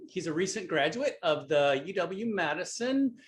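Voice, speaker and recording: A man hosting an event, introducing a guest speaker in a casual, halting way. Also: sits high, very animated, a little hiss or hum. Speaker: event host.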